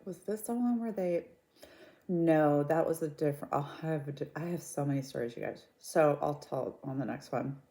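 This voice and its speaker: A woman vlogger chatting casually, retelling a story with a gossipy, animated manner. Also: sits low, normal speed. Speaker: mukbang vlogger.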